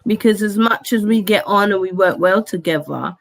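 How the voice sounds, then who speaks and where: Gentle, soft-spoken woman. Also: medium pitch, moderate pace, gravelly. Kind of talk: casual video-call chat.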